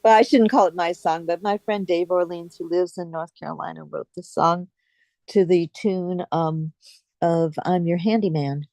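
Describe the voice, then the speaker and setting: A woman's voice: fairly low pitch, normal speed, a little mellow, no room sound. A woman musician on a radio show, chatting in a friendly way as she introduces her songs. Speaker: guest musician. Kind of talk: casual radio chat between songs.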